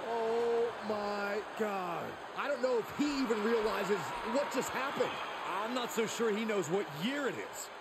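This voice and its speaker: A man's voice: high-pitched, a little slow, few pauses. An actor playing a dramatic male wrestling commentator, calling the action in a video game. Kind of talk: sports commentary. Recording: game audio under loud noise.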